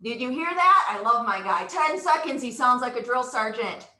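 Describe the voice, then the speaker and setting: A woman's voice: fairly high pitch, lively intonation, normal speed, sharp tone, reverberant, rough recording. A woman leading a live exercise class, upbeat and encouraging, counting out moves with whoops and getting out of breath. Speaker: exercise instructor.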